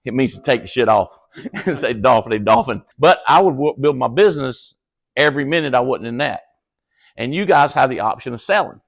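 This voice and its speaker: A man giving a casual motivational talk to his team, folksy and blunt, swearing and laughing often as he tells stories. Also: fairly quick. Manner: animated storyteller, acts out quoted dialogue in high excited voices. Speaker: business leader speaking to his team. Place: cabin event room with a live audience.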